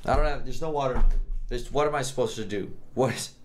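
A man's voice: medium pitch, brisk, slight background noise. A man giving casual, jokey commentary as he plays a video game, often thinking aloud and confused. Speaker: gaming YouTuber.

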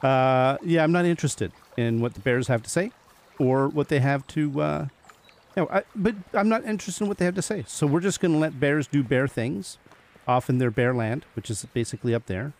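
A man's voice: fairly high pitch, normal speed, a little mellow. A man giving casual gameplay commentary, chatting to the animals he meets and laughing often as he plays. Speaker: gaming video host.

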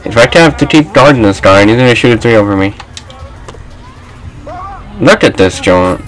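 A young man giving loose, trash-talking commentary while he plays a basketball video game, often shouting at his teammates and the game. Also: fairly low pitch, lively intonation, fast talker, soft background music, poor audio. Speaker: gaming channel host. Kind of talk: live gameplay commentary.

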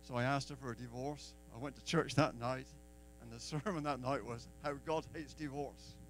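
A man's voice: medium pitch, fairly even intonation, moderate pace, faint music behind, low-quality recording. A man from England with an English accent giving a personal testimony at a church open mic, acting out the dialogue in his story. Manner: storyteller who acts out quoted dialogue.

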